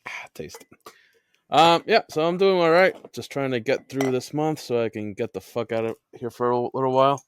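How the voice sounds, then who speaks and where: A man chatting casually as a podcast guest, laid-back and quick to laugh. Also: medium pitch, smooth, no echo.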